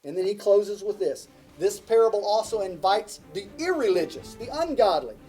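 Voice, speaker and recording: A man's voice: high voice, animated, moderate pace, darkish tone, slightly rough, soft background music. A man preaching a sermon to a congregation, emphatic, repeating key phrases and asking the listeners questions. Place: church before a congregation.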